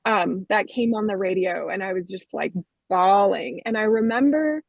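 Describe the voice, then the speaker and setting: A woman tells her own story as a podcast guest, candid and earnest. Her voice sits at an ordinary middle pitch. The recording is dry and a little muffled. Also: normal speed, vocal fry, no room sound. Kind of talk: personal testimony in an interview. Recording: dull, dry lo-fi sound.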